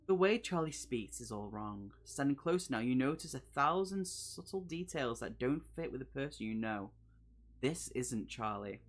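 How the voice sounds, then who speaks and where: Man streaming, reads horror gamebook aloud, jokey asides to chat, mid pitch. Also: animated, normal speed. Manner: chatty, jokey, talks to chat between passages. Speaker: streamer host. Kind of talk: live playthrough of a solo horror gamebook, reading aloud and chatting.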